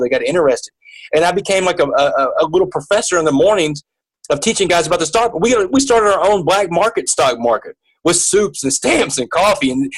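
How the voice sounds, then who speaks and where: A man's voice: a little high, breathy edge, rough recording. A man as an interview guest, telling a personal story in an earnest way, often repeating and restarting his words.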